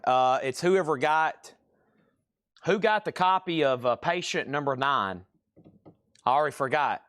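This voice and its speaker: A man hosting a live record sale stream, briskly rattling off prices and bidder names. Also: on the high side, lively intonation, fairly bright tone, no room sound, studio quality. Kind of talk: live sales stream, calling bids.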